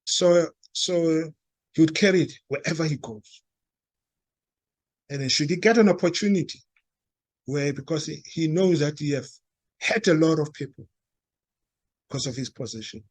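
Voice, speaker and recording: A man with a South African accent telling a story to a live audience, halting and restarting, and acting out the quoted dialogue. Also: on the high side, darkish tone, no echo. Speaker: speaker at a talk. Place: meeting room.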